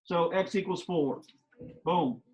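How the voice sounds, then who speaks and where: A man's voice: high voice, slow, darkish tone, low-quality recording. A male math teacher in a classroom who teaches emphatically, repeats key steps and teases his students with sarcasm.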